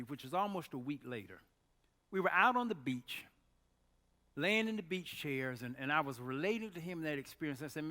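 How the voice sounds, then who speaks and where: A man delivers a storytelling sermon with animation, sometimes exclaiming loudly and sometimes dropping to a hush. His voice is fairly high, and he speaks in a large hall.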